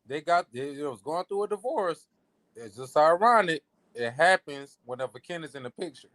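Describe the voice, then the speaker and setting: A man's voice: on the high side, lively intonation, normal speed, fairly bright tone, no room sound. A man on a live panel giving his opinions in casual, informal talk. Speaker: panel guest. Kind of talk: casual chat.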